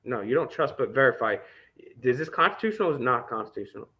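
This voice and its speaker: A man's voice: mid-range voice, animated, quick pace. A man vlogging as an independent news host, reading documents aloud with sarcastic, indignant commentary and frequent swearing. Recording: dull lo-fi recording.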